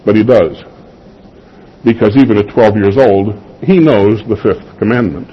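With a lowish, breathy voice and a somewhat slow delivery, a man preaches his sermon as a pastor, keeping it conversational and asking the congregation rhetorical questions. Audio quality is slightly dull and lo-fi.

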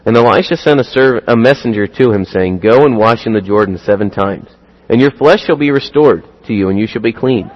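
A man preaching a sermon, animated, acting out the dialogue in sudden louder bursts. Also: medium pitch, fairly quick, lo-fi sound. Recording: long hall reverb.

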